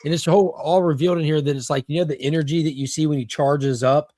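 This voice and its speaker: A man's voice: a little high, steady tone, fast talker, warm tone, no room sound. Comics panel guy, chill and into it, dry close mic. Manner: casual, enthusiastic fan talk. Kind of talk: casual podcast chat.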